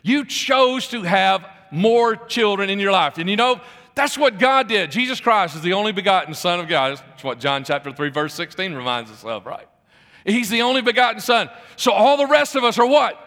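Guy preaching, high bright voice, chatty, keeps asking the room questions, big hall echo. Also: normal speed. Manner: conversational, repeats phrases, asks the congregation questions. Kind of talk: sermon. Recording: long hall reverb.

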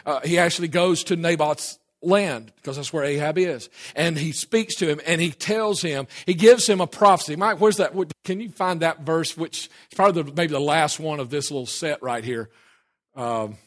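A pastor preaches a sermon in an emphatic, hurried manner, swinging between loud declarations and low asides. He restarts himself and makes side remarks to a helper.

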